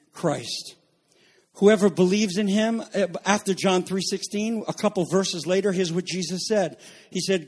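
A man with a high voice preaches with urgency. He presses his points by repeating phrases, asks his listeners questions, and drops from loud warnings to low, quiet lines. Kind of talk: sermon.

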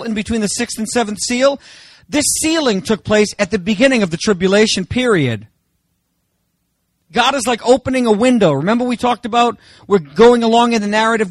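A man from Germany delivers an emphatic sermon, often asking his congregation rhetorical questions. His voice sits high for a man. The sound is dry and close, with no room echo. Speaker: pastor.

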